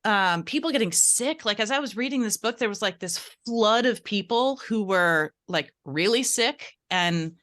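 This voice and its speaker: A woman's voice: medium pitch, animated, normal speed, hardly any pauses, a bit bright. A woman in a podcast discussion, speaking candidly and hesitantly with many fillers. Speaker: podcast participant. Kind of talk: casual book discussion.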